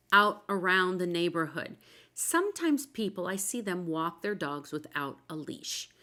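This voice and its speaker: A woman's voice: medium pitch, fairly bright tone. A woman hosting a talk show about dogs, chatting casually and telling anecdotes with quoted dialogue. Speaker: podcast host, dog expert.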